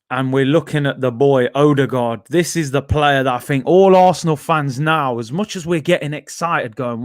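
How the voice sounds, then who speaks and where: A man talks casually as host of a football stream, wandering through asides and filler words. His voice sits a little high. The recording is dry and close, with no room sound. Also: no room sound. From England. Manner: chatty, loose, full of fillers and asides. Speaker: football channel host reading viewer comments. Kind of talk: casual live-stream chat.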